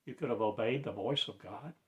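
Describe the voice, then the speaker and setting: A man preaching in a slow, declamatory way, with sudden loud rises in his voice. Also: mid-range voice. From United States. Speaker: self-styled spiritual teacher. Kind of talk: impassioned preaching.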